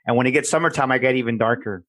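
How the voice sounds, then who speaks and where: A man's voice: medium pitch, very fast, fairly bright tone, no echo. Guy hosting an interview show, earnest and agreeable, dry close sound. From Mexican heritage, based in San Antonio. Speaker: host. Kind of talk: casual interview.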